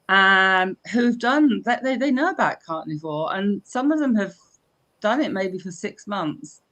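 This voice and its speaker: Chatty older Englishwoman hosting a live chat. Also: mid-range voice. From England. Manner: chatty, animated storytelling with frequent restarts. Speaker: host. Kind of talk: casual live-stream chat.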